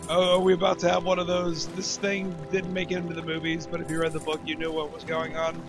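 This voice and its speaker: A man's voice: a little high, completely flat delivery, quick pace, music in the background. A man in casual let's-play chat, rambling and jokey as he plays. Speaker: game player and channel host.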